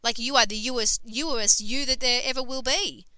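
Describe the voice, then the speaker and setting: A woman's voice: on the high side, fairly even intonation, normal speed, bright, forceful tone, smooth, no echo, low-quality recording. A woman hosting a podcast, talking in an emphatic, sweary, casual motivational monologue full of fillers. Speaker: podcast host and coach.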